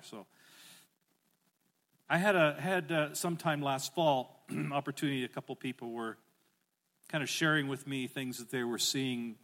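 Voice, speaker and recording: A middle-aged man preaching a sermon as pastor, animated and rising to emphatic calls, asking the congregation to repeat phrases back. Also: medium pitch.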